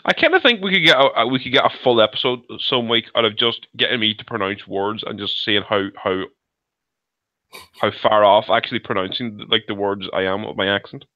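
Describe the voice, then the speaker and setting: A man co-hosting a podcast over a video call, talking in a halting, rambling way with many restarts. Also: fairly low pitch, bright, forceful tone, dry recording. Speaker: podcast co-host. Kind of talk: casual chat. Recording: muffled lo-fi call audio.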